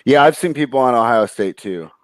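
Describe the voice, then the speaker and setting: A man's voice: mid-range voice, lively intonation, brisk, no echo. A man co-hosting a casual sports betting chat, easygoing and reading viewer comments aloud. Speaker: co-host.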